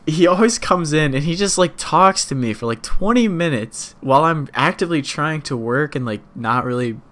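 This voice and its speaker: Young man telling a story, fairly high voice. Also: lively intonation, moderate pace, fairly bright tone. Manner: laughing storyteller, swears freely. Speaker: podcast co-host. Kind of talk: casual chat.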